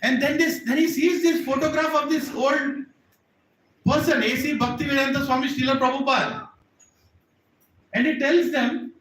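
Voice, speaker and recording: High-voiced man preaching in a hall. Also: steady tone, moderate pace, long pauses, a bit bright. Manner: earnest, repetitive, addresses the audience directly. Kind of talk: sermon. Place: temple hall. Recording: echoey hall, distant mic.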